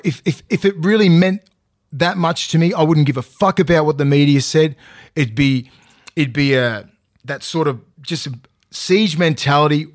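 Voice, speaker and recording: Aussie male athlete, fairly high voice, blunt, sweary, ranting podcast co-host. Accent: Australian. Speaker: current player and co-host. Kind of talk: casual sports podcast chat.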